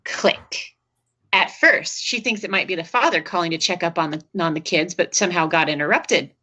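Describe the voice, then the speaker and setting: Sarcastic bright-voiced woman podcast host. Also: mid-range voice. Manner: sarcastic, wry asides while telling a story. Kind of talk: casual storytelling chat.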